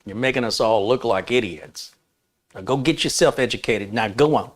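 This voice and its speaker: A man putting on a stern, scolding man who tells someone off. The voice is firm and lecturing, pitched a touch above his usual and a bit louder. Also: moderate pace, natural voice.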